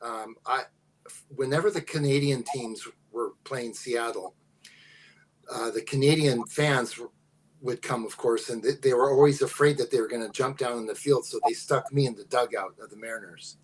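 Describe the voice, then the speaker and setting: An older man, a podcast guest, telling personal stories in casual talk, unhurried and halting with many fillers. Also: mid-range voice, slight background noise, low-quality recording. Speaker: guest, host's father. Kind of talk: casual storytelling.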